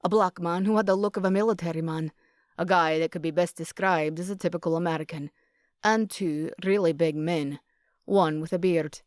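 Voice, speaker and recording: A woman narrating a romantic comedy audiobook in first person with steady, even storytelling. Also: fairly low pitch, normal speed, dry recording, studio quality.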